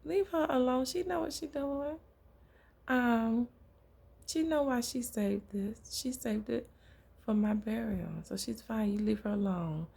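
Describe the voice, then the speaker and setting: A woman's voice: a little high, unhurried, creaky, warm tone, husky, voice pushed up, heavily acted. A woman playing a firm, rebuking grown man. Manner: firm, plain-spoken, dismissive.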